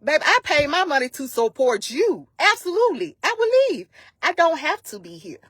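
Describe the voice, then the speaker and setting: A woman telling a personal story live on her channel. She is animated and emphatic, slipping into the voices of the people she quotes. Her voice sits a little high, and the sound is close and dry. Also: moderate pace, dry recording. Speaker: vlogger retelling a personal incident. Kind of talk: casual live-stream storytelling. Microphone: phone on a live stream.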